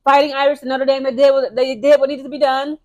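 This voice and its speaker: A woman's voice: high voice, flat delivery, darkish tone. A young adult woman giving casual, opinionated basketball commentary, emphatic and chatty, often checking in with "okay?" and "guys". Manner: emphatic, keeps tagging lines with "okay?" and "guys"; fast and chatty, restarts and repeats words. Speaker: sports commentary vlogger.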